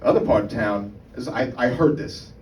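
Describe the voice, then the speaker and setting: A man's voice: mid-range voice, normal speed, darkish tone. Male stand-up comic, chatty and crude, on a live club stage with room noise and reverb. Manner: conversational, profane, keeps asking "right?". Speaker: stand-up comedian. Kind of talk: stand-up comedy. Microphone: mic on a stand. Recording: roomy live room, mic far off, background noise.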